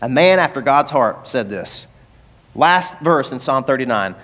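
A man preaching a sermon in a church, conversational and animated, with asides to the congregation. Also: medium pitch, moderate pace, in a large hall. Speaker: pastor.

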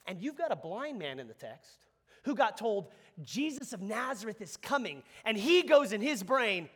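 A man preaching a sermon, animated and conversational, leading the congregation in call-and-response. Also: high voice, normal speed, breathy edge. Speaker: pastor.

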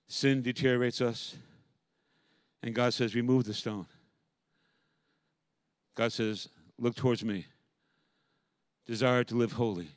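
A man preaching a sermon as pastor, moving from quiet, reflective passages to loud, impassioned calls. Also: mid-range voice, no room sound.

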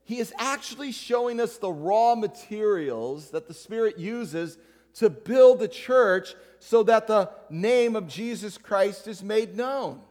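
A pastor with a notably high, darkish-toned voice preaches a sermon to his congregation. He stays conversational, teasing people in the pews and calling them out. A long reverb carries his words through the church sanctuary.

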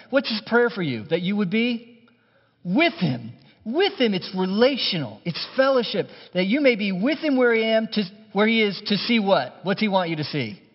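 A man preaching a sermon in an animated, conversational way, with touches of humor. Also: sits high, normal speed, husky. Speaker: pastor. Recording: muffled hall recording with long reverb.

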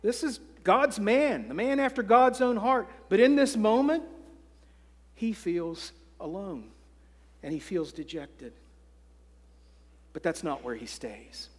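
A pastor preaching a sermon in an earnest, deliberate way. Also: male voice, high voice, expressive, husky, big-room sound.

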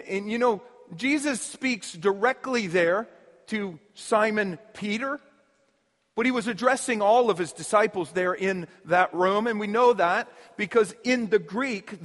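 Slow high-voiced pastor preaching. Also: male voice, big-room sound. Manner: earnest, explanatory, emphatic repetition. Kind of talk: sermon. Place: church.

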